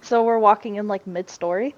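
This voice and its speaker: A woman's voice: medium pitch, fairly even intonation, fairly quick, muffled recording. A woman playing a tabletop game, speaking casually and in character. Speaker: player.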